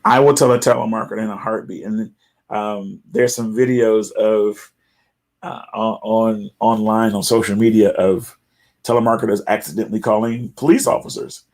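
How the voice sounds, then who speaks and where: A middle-aged man hosting a casual live talk, chatty and animated, sometimes mimicking callers in a raised voice. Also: lowish voice, moderate pace. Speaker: host.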